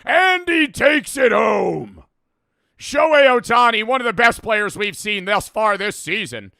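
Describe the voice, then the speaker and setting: A man parodying a pompous sports announcer with a booming, drawn-out delivery. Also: expressive, creaky, pushed and bright, dry recording, clean studio sound, heavily acted.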